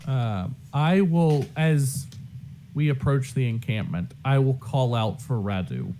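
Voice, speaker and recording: A man at a tabletop game, speaking his character's moves deliberately, with pauses. His tone is mellow and warm, with a faint hiss in the background. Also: medium pitch, lively intonation. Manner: hesitant, deliberate. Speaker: player. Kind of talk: tabletop role-play.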